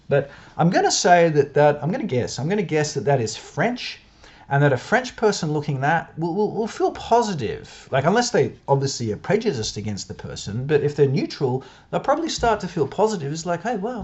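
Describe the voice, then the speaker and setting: A man's voice: on the high side, darkish tone, husky. A man with an Australian accent giving casual, chatty commentary to camera, often laughing and second-guessing himself. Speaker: video creator analysing newspapers. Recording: dull lo-fi sound.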